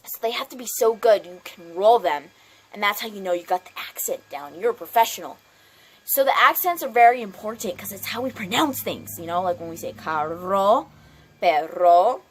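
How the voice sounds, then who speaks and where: A woman's voice: mid-range voice, slightly rough. Chatty woman giving a playful lesson. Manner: chatty, filler-heavy, repeats herself. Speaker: mock Spanish teacher. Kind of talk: playful home video lesson.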